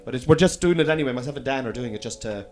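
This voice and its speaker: A man's voice: mid-range voice, lively intonation, racing, a little mellow, faint music behind. A man with an Irish Cork accent hosting a casual comedy podcast chat, rambling with hesitant fillers and casual swearing.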